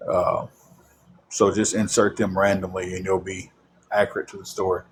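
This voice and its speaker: A man's voice: low voice, flat delivery, moderate pace, a little hiss or hum. A man telling a long personal story about his faith, rambling with frequent restarts.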